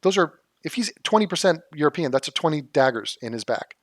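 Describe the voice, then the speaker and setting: A man's voice: fairly high pitch, lively intonation, brisk. A man hosts a reaction commentary in a sarcastic, mocking tone. His exasperation spills into incredulous rhetorical questions. The sound is close and dry, with no room echo. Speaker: political commentary host. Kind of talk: reaction commentary on a debate clip.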